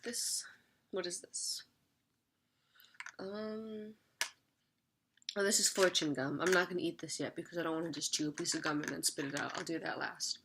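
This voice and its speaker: A woman's voice: on the low side, moderate pace, pauses often, background noise. A young woman vlogging an unboxing in a chatty, giggly way, sometimes talking while she eats. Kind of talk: casual unboxing chat.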